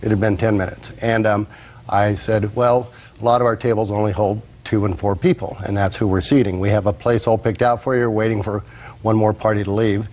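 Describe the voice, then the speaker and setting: A man testifying as a restaurant manager witness, hesitant and full of pauses and restarts. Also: on the low side, flat delivery, a little mellow. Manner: hesitant, with many ums and restarts. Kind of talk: courtroom testimony.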